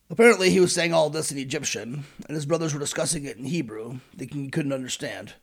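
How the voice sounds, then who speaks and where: A sarcastic man narrates with irreverent, foul-mouthed asides. His voice is gravelly and husky, slightly higher than most. It swings widely in pitch as he jokes. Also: quick pace, hardly any pauses. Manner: sarcastic, profane. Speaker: podcast host.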